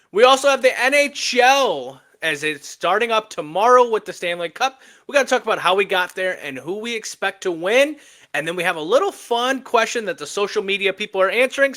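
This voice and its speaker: Bright high-voiced man hosting a sports podcast. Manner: animated, joking, emphatic trash talk. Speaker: podcast co-host. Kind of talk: casual sports podcast chat.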